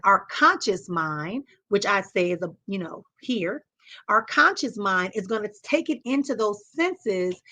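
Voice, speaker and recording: A woman's voice: mid-range voice, fairly bright tone. Woman giving an emphatic motivational talk. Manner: emphatic, repetitive teaching cadence. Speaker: host.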